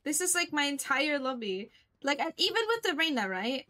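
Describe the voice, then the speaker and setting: A woman's voice: high voice, big pitch swings, normal speed, bright, forceful tone. A young woman streaming a game, chatting casually with blunt, joking trash talk. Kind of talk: casual gaming chat.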